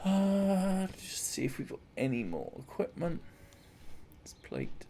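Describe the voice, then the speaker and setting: A man's voice: high voice, wildly swooping pitch, slow, mellow, slight background noise. A man giving casual, rambling gameplay commentary as a streamer. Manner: rambling, chatty, self-mocking.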